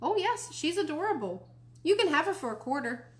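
A woman reading a storybook aloud, voicing a small mischievous boy who is jealous of his baby sister in a high, childlike, whiny voice. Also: sing-song, fairly quick. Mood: cheeky.

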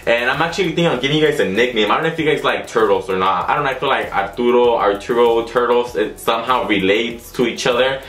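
A man's voice: medium pitch, fast, hardly any pauses, fairly bright tone. A young man vlogging casually, telling a rambling story full of fillers and restarts. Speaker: YouTube vlogger. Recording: echoey room.

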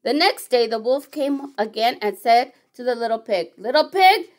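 A woman teacher reading a children's storybook aloud, expressive and asking little questions along the way. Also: fairly high pitch, normal speed. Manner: expressive, gasping with surprise, asks questions.

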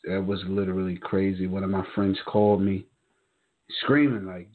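Husky-voiced New man over a phone line. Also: low-pitched, moderate pace. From New York. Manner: animated, profane, acts out quoted voices. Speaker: podcast co-host. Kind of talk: casual storytelling chat.

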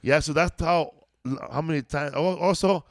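A man's voice: fairly high pitch, normal speed, no room sound, clean studio sound. A man, co-hosting a podcast and rambling through loose, casual stories, saying "bro" often. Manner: rambling storyteller, peppers talk with "bro" and "dog". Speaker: podcast co-host, comedian. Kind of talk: casual chat.

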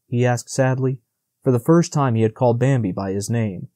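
A man reading a storybook audiobook in a calm, measured narration. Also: mid-range voice, dry recording, studio quality. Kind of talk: scripted narration.

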